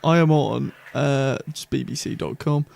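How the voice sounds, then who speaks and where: A young man co-hosting a casual fan podcast, chatty and enthusiastic, quick to laugh. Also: mid-range voice, creaky, darkish tone. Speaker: podcast host.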